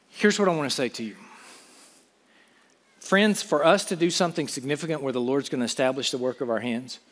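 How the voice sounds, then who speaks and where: A man's voice: mid-range voice, a bit bright, big-room sound. A man preaching a sermon with impassioned, pleading delivery and conversational asides.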